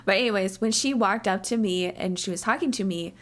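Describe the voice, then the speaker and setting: A woman's voice: mid-range voice, fairly quick. A young woman livestreaming, chatting casually to her viewers in a rambling, giggly way full of "like", her voice slightly strained from talking a lot. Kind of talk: casual chat to a live audience.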